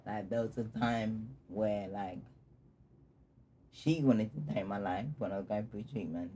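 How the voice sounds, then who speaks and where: A young man telling a personal story in casual conversation, candid and laughing through dark memories. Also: lowish voice, fairly even intonation, measured pace, slight background noise. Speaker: guest telling his story.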